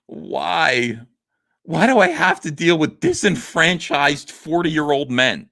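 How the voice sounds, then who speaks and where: A man's voice: a little high, expressive, slow, creaky, sharp tone. A middle-aged man with a New Jersey accent, hosting a livestream and reacting to a video with sarcastic, heated, defensive commentary.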